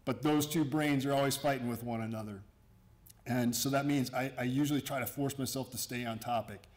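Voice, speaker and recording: A man's voice: medium pitch, fairly even intonation, a little fast. A middle-aged man, an Army garrison commander, giving an informal, joking talk to his workforce in a room, full of asides and restarts. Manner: joking and sarcastic; conversational, with frequent asides and restarts. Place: room with an audience.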